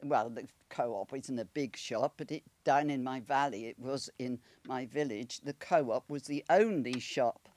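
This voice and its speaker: A woman's voice: very deep voice, measured pace, few pauses, darkish tone. Chatty Welsh woman in her eighties. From Wales. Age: 80s. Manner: chatty, rambling, with laughs and restarts. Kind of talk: personal storytelling.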